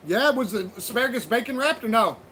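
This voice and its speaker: A man's voice: very high-pitched, animated, a little fast, sharp tone, slight background noise, poor audio. A man hosting a livestream, chatting loosely with viewers, swearing freely and laughing at their comments. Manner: loose, profane, laughing banter. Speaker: livestream host. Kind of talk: casual livestream chat with viewers.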